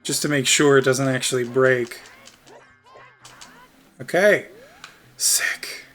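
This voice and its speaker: A man's voice: mid-range voice, fairly even intonation, slow pace, a bit bright, faint music behind. A man streaming a video game, chatting casually and rambling with frequent laughs and fillers. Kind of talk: casual gameplay chat.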